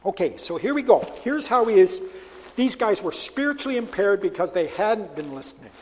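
A male preacher with a high voice delivers an emphatic sermon, pressing his points with rhetorical questions. His voice carries a long reverb, as in a large hall. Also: sing-song, fairly quick, darkish tone.

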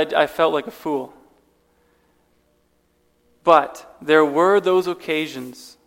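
Earnest preacher in an echoing hall. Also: male voice, a little high, fairly bright tone. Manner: earnest storytelling with frequent restarts. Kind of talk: sermon. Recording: long reverb of a large hall.

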